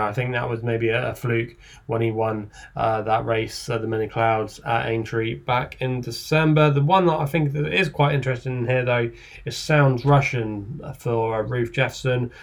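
A man's voice: mid-range voice, vocal fry. A man hosting a horse racing podcast, running through the odds and turning to his panel for their picks. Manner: measured, asks panel for picks. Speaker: podcast host. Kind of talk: racing tipping podcast chat.

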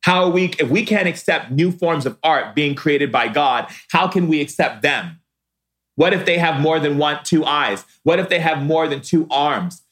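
A man giving a spiritual talk, preaching slowly and emphatically, drawing out his words and acting out the voices of people he quotes. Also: a little high, lively intonation, a bit bright. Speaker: spiritual teacher.

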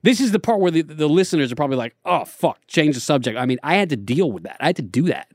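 A man's voice: fairly high pitch, lively intonation, rapid-fire, a little mellow, no room sound, studio quality. A man in his thirties telling rambling, profane stories as a co-host on a casual podcast. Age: 30s. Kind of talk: casual chat.

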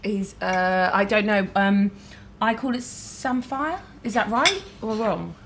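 Speaking slowly in a mid-range voice, a woman musician is a dinner guest who chats openly and laughs readily. It's relaxed mealtime talk at the table, and there's background noise from clinking cutlery and dishes.

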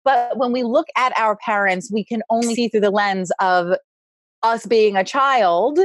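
A woman in her forties talking candidly as a podcast guest, loud and animated, laughing often. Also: fairly high pitch, a little slow, dry recording. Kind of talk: candid conversational interview.

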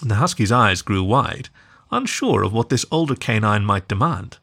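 A man reading a storybook aloud as the storyteller, in an expressive, measured way. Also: on the low side, breathy edge. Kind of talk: scripted narration.

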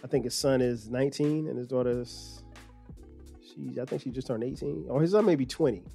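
A man, hosting a podcast and telling a story in a casual, animated way with lots of laughter. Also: mid-range voice, gravelly, soft background music. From South Carolina. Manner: animated, laughs often, quick restarts. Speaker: podcast host.

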